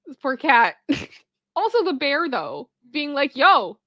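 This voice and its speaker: A woman hosting casual reaction commentary, chatty and expressive and quick to laugh. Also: high voice, no echo, highs cut off. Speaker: pop culture reaction host.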